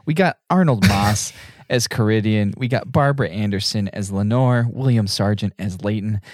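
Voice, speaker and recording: A man's voice: on the low side, moderate pace, a little mellow. A young man co-hosting a casual chat, riffing playfully in a laid-back way. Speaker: podcast co-host.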